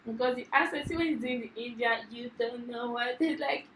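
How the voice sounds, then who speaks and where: A woman's voice: on the high side, fairly quick, a bit bright, slight background noise. Female reaction-video co-host, enthusiastic and chatty, recorded in a roomy, echoey space. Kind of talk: casual reaction chat.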